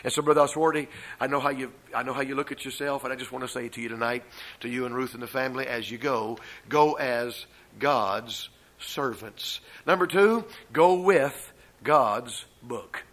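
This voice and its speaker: An older man preaching a sermon as pastor, stressing slow repeated refrains between fast stretches. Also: medium pitch, a bit bright, rough recording.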